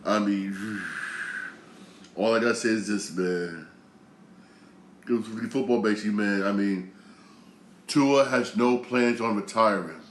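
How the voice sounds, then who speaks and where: A man's voice: lowish voice, unhurried, long pauses, echoey room, a little hiss or hum. A man hosting his own show, rambling through a casual sports rant with many fillers and taunts. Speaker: show host.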